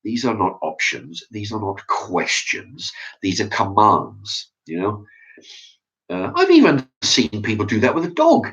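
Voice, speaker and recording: A man's voice: lowish voice, big pitch swings, unhurried, fairly bright tone, husky. A man hosts a casual opinion chat and reads viewer comments, talking bluntly and profanely in a ranting way. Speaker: channel host reading viewer comments. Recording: dull lo-fi sound.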